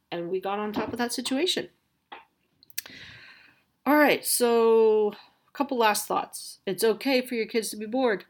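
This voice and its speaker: A woman's voice: mid-range voice, normal speed. A woman in her thirties talking casually about parenting, with lots of fillers and restarts. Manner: chatty, many fillers and self-corrections. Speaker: parent sharing advice. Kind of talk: casual monologue.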